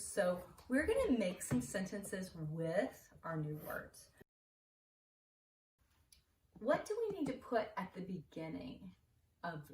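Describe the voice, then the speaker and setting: A woman teaching a spelling lesson to a class, slowly sounding out letters and syllables. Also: mid-range voice. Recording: roomy, distant mic with faint noise.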